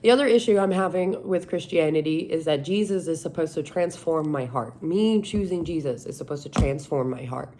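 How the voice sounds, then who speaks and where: A woman venting in a casual, animated monologue, exasperated and self-mocking. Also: sits low, normal speed, hardly any pauses. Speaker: vlogger.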